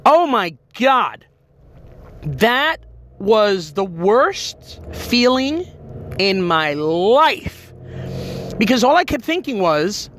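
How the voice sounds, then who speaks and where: A man retelling a dream in an emotional, animated way, full of fillers and quoted speech. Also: sits high, extremely slow, pauses often, a little hiss or hum. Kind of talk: personal storytelling.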